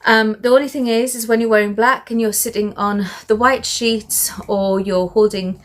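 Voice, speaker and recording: A woman's voice: on the high side, fairly even intonation, normal speed. Breathless British woman vlogging. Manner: chatty, rambling, with fillers and trailing asides. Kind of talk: casual show-and-tell chat.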